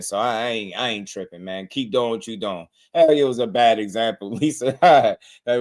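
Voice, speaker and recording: A man hosting a boxing reaction channel, talking bluntly in slang and repeating his points for emphasis. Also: mid-range voice. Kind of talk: casual reaction commentary.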